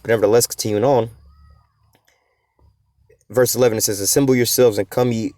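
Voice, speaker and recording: A man's voice: steady tone, brisk, a little mellow, no room sound. A man with giving blunt, profane street-style commentary while reading scripture. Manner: streetwise, blunt, swears freely; voices imagined quotes with rising pitch. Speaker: scripture teacher. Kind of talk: informal preaching commentary on scripture.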